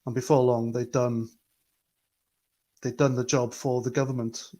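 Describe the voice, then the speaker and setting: A man's voice: mid-range voice, flat delivery, unhurried, dark tone. A man hosting a livestream, talking earnestly and rambling as he reads out chat comments. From Britain. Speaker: livestream host.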